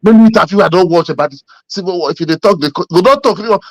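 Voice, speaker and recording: A man with a Nigerian accent, co-hosting a casual political chat and telling stories in a rambling, animated way full of fillers. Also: high voice, racing, dry recording. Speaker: podcast co-host.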